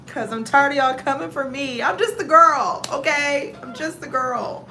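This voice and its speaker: Animated Southern woman, bright voice. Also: sits high, brisk, hardly any pauses, slight background noise. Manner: animated storyteller with dramatic exclamations. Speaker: livestream host. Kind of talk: casual chat, reading viewer comments.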